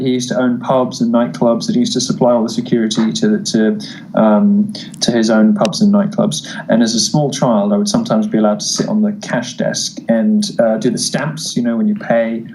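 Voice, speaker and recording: A man's voice: medium pitch, flat delivery, moderate pace, darkish tone, slight background noise, poor audio. Camp posh British man telling stories. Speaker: guest. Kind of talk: casual chat, storytelling.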